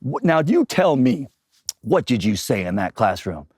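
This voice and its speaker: A man putting on a deep, stern school principal. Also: very animated, moderate pace, a little mellow, husky, no room sound, clean studio sound.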